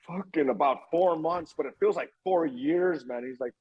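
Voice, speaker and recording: A slightly high, breathy male voice at a moderate pace comes through lo-fi sound. The speaker, in his 50s, is a podcast guest telling a story in an interview chat, acting out the quotes and cursing freely.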